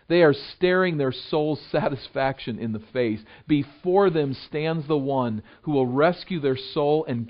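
A man preaching a sermon as a pastor, building emphasis on scripture and dropping low and soft for earnest appeals. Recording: dull lo-fi sound.

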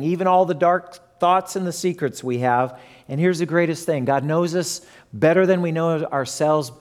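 A man's voice: on the high side, darkish tone. Preaching man in a reverberant hall. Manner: conversational, asks the audience questions. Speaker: pastor. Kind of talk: sermon.

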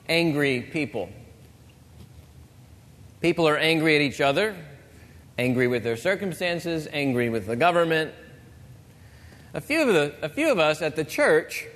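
A man preaching a sermon as pastor, earnest and measured, with pauses. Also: a little high, fairly bright tone. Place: church sanctuary. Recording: long church reverb.

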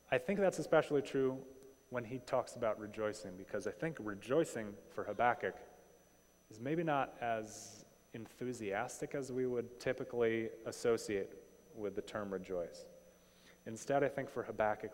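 Conversational male preacher in a reverberant hall. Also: lowish voice. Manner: conversational, animated preaching with rhetorical questions. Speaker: pastor. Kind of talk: sermon.

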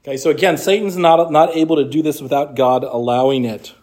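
High-voiced man teaching a Bible class. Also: fairly even intonation, brisk, a little mellow. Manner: conversational, explains scripture and reads passages aloud. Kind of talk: apologetics class lecture.

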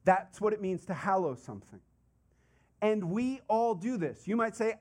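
Animated conversational male preacher. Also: high voice, moderate pace. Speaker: pastor. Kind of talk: sermon.

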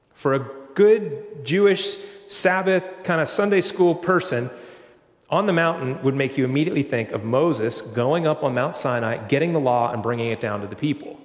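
A man preaching a sermon, explaining scripture in a conversational way and asking rhetorical questions. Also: on the high side. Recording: echoey hall, long reverb.

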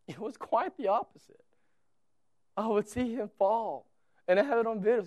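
A man preaching a sermon as a pastor in a church, telling a story with animated, repetitive emphasis. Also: high-pitched, normal speed, long pauses, no echo, studio quality.

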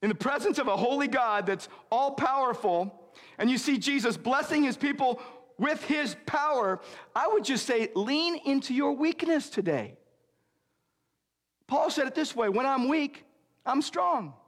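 A man preaching a sermon as pastor, earnest and emphatic, slowing down on key lines and speeding through asides. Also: very high voice, animated, a bit bright, big-room sound.

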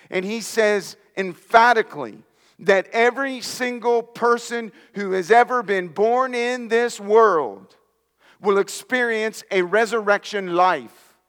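Man, pastor, emphatic sermon, high voice, long church reverb. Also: a bit bright. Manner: emphatic preaching, dropping to near-whispers for stress; addresses listeners directly as friends.

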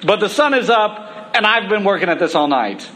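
A man's voice: sits high, animated, moderate pace, a bit bright, voice pushed up, poor audio. A man voicing a blunt, streetwise fisherman with a New York accent during a sermon. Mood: skeptical.

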